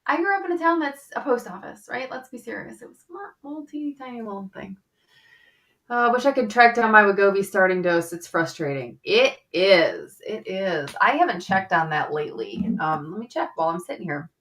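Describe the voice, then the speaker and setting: A woman physician hosting a casual live-stream chat, talkative and quick to laugh, with lots of fillers. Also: medium pitch, big pitch swings, a bit bright, recorded from a distance. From western New York. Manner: chatty, laughs often, many fillers. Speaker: physician host.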